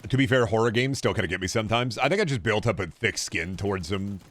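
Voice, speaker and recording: Man, twenties, slightly deep voice, gaming streamer, rambling, swears a lot, jokey, chats back to viewers. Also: expressive, quick pace, a bit bright. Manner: talks back to chat while playing. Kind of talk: casual gaming livestream chatter.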